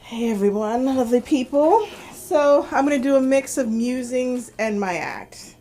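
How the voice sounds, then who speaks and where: Fortyish woman comic with a higher voice. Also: lively intonation, measured pace, background noise. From New York. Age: 40s. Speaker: stand-up comedian. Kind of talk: stand-up set at an open mic. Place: small comedy club stage.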